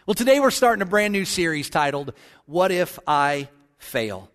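A male pastor delivers a sermon in a folksy, joking manner that turns solemn when he prays. His voice sits fairly high. It rings out with a long reverb in a church sanctuary. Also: sing-song, normal speed, a bit bright.

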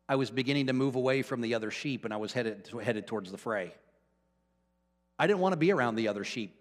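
A male pastor preaching a sermon, telling a personal story and swinging from hushed to fervent. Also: mid-range voice, big-room sound. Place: church.

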